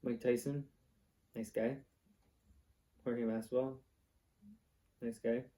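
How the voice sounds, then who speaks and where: A man's voice: medium pitch, flat delivery, slow pace, dark tone. A man, hosting his own vlog and ranting bluntly, swearing often and rambling from one point to the next. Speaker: vlog host. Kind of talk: casual ranting monologue.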